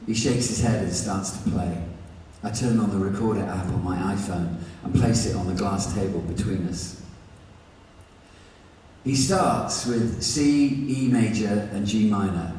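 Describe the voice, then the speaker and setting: A man's voice: fairly low pitch, measured pace, a little mellow, slight background noise. A man reading his own novel aloud in the first person, with a wry, conversational delivery. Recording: echoey hall from far off, faint ambience.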